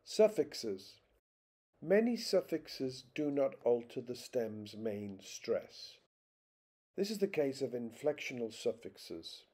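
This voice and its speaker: A man narrates an instructional lesson at an unhurried, careful pace. His voice is mellow and dark, and he reads example words one by one with deliberate spacing. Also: mid-range voice, very animated. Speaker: teacher.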